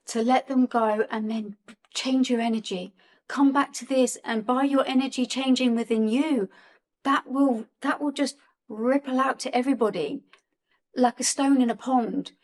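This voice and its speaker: A woman in her forties with a slightly raised pitch, talking straight to viewers about feelings. She is earnest and emotional, circling back over her words as she goes. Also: fairly even intonation, a little slow. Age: 40s. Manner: earnest, emotional, repeats and restarts phrases. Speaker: guest on a spiritual channel. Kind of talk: heartfelt spiritual talk to viewers.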